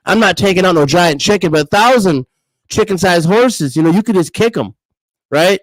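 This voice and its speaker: A man's voice: high voice, expressive, normal speed, no room sound, poor audio. A man in his thirties hosting a casual live stream, rambling and laughing often as he reads comments. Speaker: livestream host reading comments.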